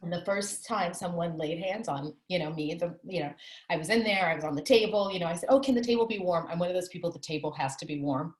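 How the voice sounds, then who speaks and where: An author appears as a guest in a candid, conversational interview, speaking in a lowish voice and talking fast with animation. She tells a personal story earnestly and reflectively, and the room has a noticeable echo.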